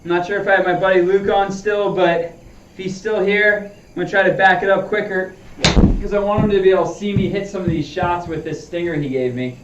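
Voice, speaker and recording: This golfer's voice is high, fairly even in intonation and a little fast as he chats to his stream during practice, talking through his swings. Slight background noise sits in a roomy, distant, dull lo-fi recording.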